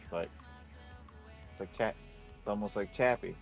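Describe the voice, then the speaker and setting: A man's voice: lowish voice, normal speed, vocal fry, soft background music. A man co-hosting a casual tech podcast, jokey and full of playful asides. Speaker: podcast co-host.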